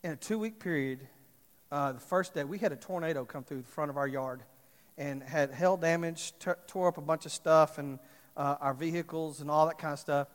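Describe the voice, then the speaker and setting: A man's voice: fairly high pitch, normal speed. A man preaching a storytelling sermon, acting out the voices of the people in his stories. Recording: reverberant hall.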